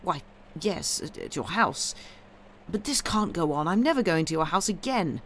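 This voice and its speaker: A woman's voice: lowish voice, expressive, normal speed, a little hiss or hum, close to an everyday voice. A woman voicing an ardent, impatient young man in a read-aloud story, urgent and pleading.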